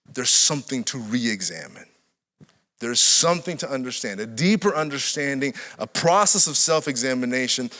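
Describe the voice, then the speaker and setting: A middle-aged man, a pastor, preaching a sermon and telling stories, swinging from hushed lines to loud, laughing ones. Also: medium pitch. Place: large church hall. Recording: long hall reverb.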